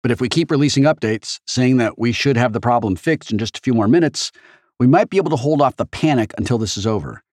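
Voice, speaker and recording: A man's voice: mid-range voice, lively intonation, fast, a little mellow, no room sound, clean studio sound, pitched above the performer's own voice, lightly acted. A man voicing an anxious, earnest male executive in an audiobook with a shaky, hesitant delivery.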